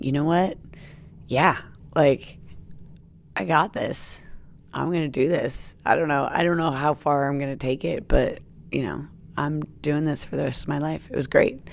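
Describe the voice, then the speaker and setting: A young American woman comedian talks through her year in a loose, rambling podcast chat. Her voice sits very low and carries a gravelly fry, and she keeps backtracking with fillers and restarts. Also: a little mellow. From United States. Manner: chatty, rambling with fillers and self-corrections. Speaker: stand-up comedian guest. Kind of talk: casual reflective chat.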